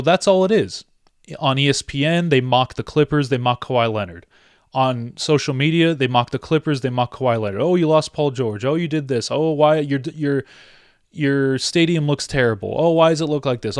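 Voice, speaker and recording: A man's voice: medium pitch, no room sound, studio quality. A young man hosting a sports live stream, talking earnestly and emotionally to his viewers with many restarts.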